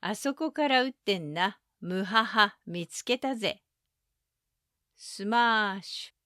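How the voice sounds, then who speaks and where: Casting: woman reading as a swaggering male manga brute, rough and boastful, dry close sound. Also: medium pitch, expressive, normal speed, bright, forceful tone, dry recording. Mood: gruff, boastful. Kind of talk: reading manga dialogue aloud.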